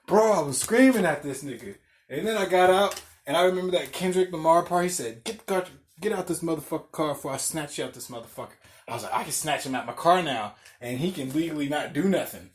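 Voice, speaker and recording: Young male podcaster, slightly high voice, animated profane storyteller who acts out every quote; faint background hiss. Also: brisk. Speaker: podcast host. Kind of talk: casual storytelling rant.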